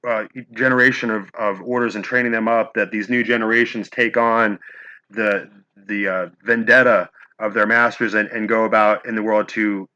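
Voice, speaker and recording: A man's voice: lowish voice, fairly even intonation, normal speed, sharp tone, dull audio. A man hosting an interview, asking long, hesitant, searching questions. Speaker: host. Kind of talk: conversational interview.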